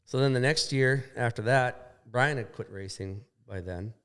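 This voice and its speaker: A man's voice: medium pitch, normal speed, a bit bright, smooth. A man, a podcast guest telling a story in a plainspoken, mildly profane, wry way. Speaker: podcast guest, snowmobile racer. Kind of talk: casual storytelling.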